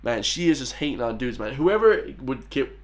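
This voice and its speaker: A man's voice: mid-range voice, sing-song, normal speed. A man with an Irish accent hosting a reaction video in a casual, chatty way, often laughing and calling his viewers guys and bro. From Ireland.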